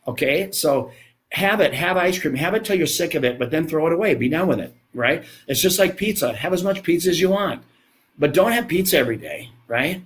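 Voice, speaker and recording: A man's voice: fairly high pitch, a bit bright. A man in his fifties, a business founder telling blunt, chatty, self-mocking stories as a podcast guest. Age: 50s. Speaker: gym franchise founder, guest. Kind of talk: casual podcast interview.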